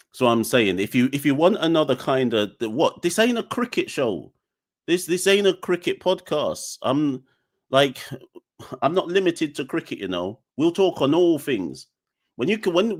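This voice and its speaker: Male podcast host, young adult, lively ranting delivery. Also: medium pitch. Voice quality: animated, defiant, joking ranting. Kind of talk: live call-in show chat.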